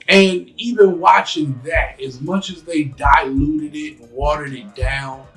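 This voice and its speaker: Slow, animated storytelling man. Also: on the high side, low-quality recording. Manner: animated storytelling, acts out scenes in voices. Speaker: podcast host. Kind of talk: casual chat.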